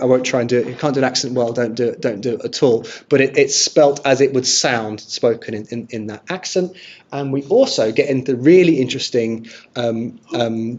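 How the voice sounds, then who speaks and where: A man's voice: medium pitch, breathy edge. A man presenting an illustrated history talk to an audience, friendly and thinking aloud with restarts. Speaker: archive presenter giving a talk. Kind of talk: illustrated lecture with audience questions. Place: room with a live audience. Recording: dull lo-fi sound.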